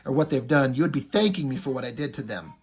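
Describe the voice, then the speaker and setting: A man's voice: medium pitch, lively intonation, quick pace, a little mellow, husky, pitched below the performer's own voice. A man voicing a cocky, sarcastic male prisoner antihero who flirts.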